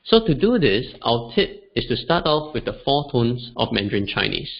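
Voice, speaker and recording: A man's voice: mid-range voice, very animated, moderate pace, vocal fry. A man teaching an online beginners' language webinar, demonstrating tones aloud. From Singapore. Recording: dull lo-fi webinar audio.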